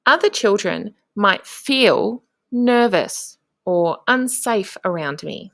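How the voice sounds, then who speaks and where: A woman, a primary teacher, talks young children through a lesson. Her pace is unhurried and her pitch swoops up and down in a sing-song way. The voice-over is close and dry, with no room sound. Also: dry recording. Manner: slow, sing-song and encouraging, with clear prompts to the class. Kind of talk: instructional narration for young children.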